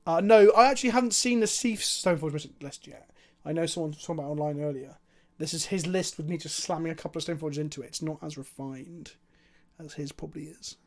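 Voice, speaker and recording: A man's voice: fairly high pitch, fast. Swearing streamer calling his card games. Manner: animated, swears a lot, self-mocking. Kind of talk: live-streamed card game commentary.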